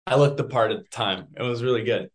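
A man from Canada with a mid-range voice speaks quietly as an actor guest in an interview. He hesitates and restarts his sentences often. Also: mid-range voice, fast talker. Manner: soft-spoken, hesitant, many restarts. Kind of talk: casual interview chat.

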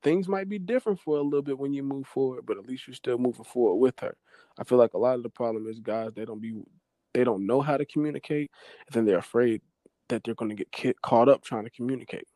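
A man's voice: medium pitch, fast, dark tone, no room sound. A young man on a podcast as a guest, giving earnest, conversational advice. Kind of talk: casual chat.

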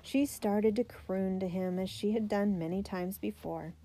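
A woman narrating a children's biography aloud, steady and gentle. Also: medium pitch, unhurried, a little hiss or hum.

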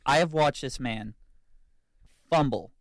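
A man in his twenties co-hosts a podcast, chatting casually at a slow pace in a mid-range voice as he tells stories and acts out quotes. The recording is studio quality with no room sound.

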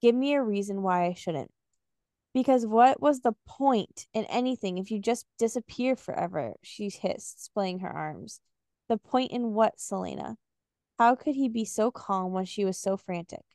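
A woman's voice: medium pitch, lively intonation, normal speed, dark tone, no echo, studio quality. A young woman co-hosting a podcast, recapping a novel and reading passages aloud with casual fillers. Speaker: podcast co-host.

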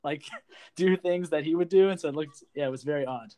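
A man with a somewhat high voice, chatting casually as a podcast co-host. He jokes with irony and laughs often while he makes his points. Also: a little fast, dark tone, slight background noise. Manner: joking, ironic, laughs often. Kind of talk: casual chat.

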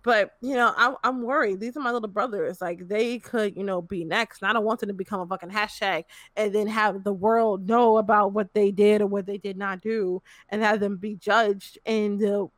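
A woman's voice: mid-range voice, fairly even intonation, moderate pace, fairly bright tone, dry recording. A young woman in her twenties frankly telling a personal story in casual chat, swearing and filling with "you know".

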